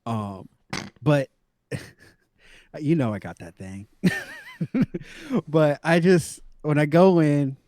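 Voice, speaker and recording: A man from Florida with a fairly high voice chats on a comedy podcast, easygoing and laughing often. He builds on his co-host's jokes, and the recording is dry and close. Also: lively intonation, slow, long pauses, dark tone, dry recording. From Florida, United States. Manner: laid-back, laughs often, riffs on the other man's jokes. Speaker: podcast co-host. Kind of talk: casual comedic chat.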